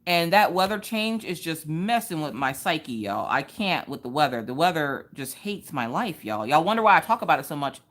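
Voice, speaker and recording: A woman's voice: low-pitched, very animated, normal speed, few pauses, a bit bright. Chatty woman streaming a craft session. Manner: chatty, storytelling, joking asides to chat. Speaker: livestream crafting host. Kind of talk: casual chat while diamond painting.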